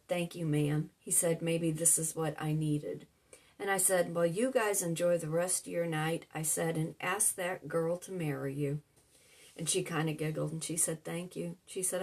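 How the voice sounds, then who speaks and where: Chatty woman retelling a story. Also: on the low side. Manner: chatty, retells dialogue with "I said" and "she said". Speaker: vlogger and life coach. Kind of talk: casual storytelling.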